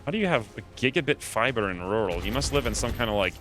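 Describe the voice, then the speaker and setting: A man's voice: mid-range voice, lively intonation, quick pace, music in the background. A man giving playful live commentary while streaming a game, coining silly nicknames as he plans each move.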